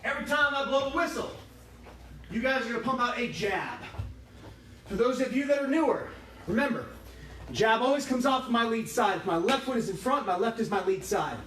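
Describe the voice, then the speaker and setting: Counting reps and cracking jokes, this man teaches a kickboxing class over a livestream in an echoey room with background music. His voice is extremely high, with lively intonation and a fairly bright tone, and he talks briskly. There is slight background noise.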